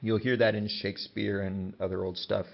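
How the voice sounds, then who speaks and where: Gravelly low-voiced male teacher. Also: level tone, normal speed. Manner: patient and explanatory, with example sentences. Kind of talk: classroom grammar lesson. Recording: dull lo-fi sound.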